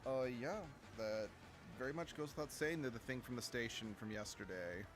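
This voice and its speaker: A man's voice: medium pitch, moderate pace, music in the background. A man streaming a video game, chatting casually and joking as he plays. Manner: joking, reads game lines in put-on voices. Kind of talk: casual let's-play commentary.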